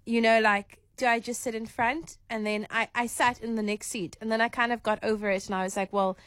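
A woman's voice: a little high, fairly even intonation, a little fast, fairly bright tone, dry recording. Co-host, woman, chatty storyteller, dry close studio sound. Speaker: radio co-host. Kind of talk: casual radio chat.

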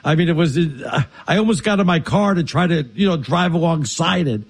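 A man co-hosting a casual sports talk show, telling animated stories. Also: fairly high pitch, moderate pace, husky. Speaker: co-host. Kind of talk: casual sports radio chat.

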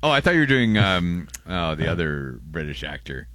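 A man's voice: sits low, moderate pace, no room sound. An American man co-hosting a podcast, chatting casually and playfully. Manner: playful, jokey, animated. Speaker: podcast co-host. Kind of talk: casual chat.

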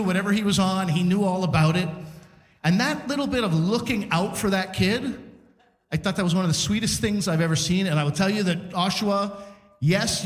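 A man's voice: high-pitched, echoey room, big-room sound. A man hosting a live comedy show, telling a story to the audience and acting out the people in it. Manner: animated, acts out quotes in character voices. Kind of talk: stand-up storytelling on stage. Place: large community center hall, live audience.

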